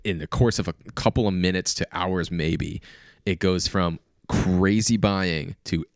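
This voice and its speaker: A man's voice: low voice, a little slow, no echo, clean studio sound. A man co-hosting a podcast, explaining things in casual chat and often restarting his sentences. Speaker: podcast co-host.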